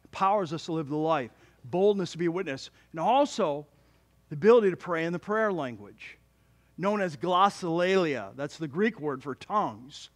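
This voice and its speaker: A male pastor preaching a sermon in an animated, joking way, with many restarts. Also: fairly high pitch, normal speed.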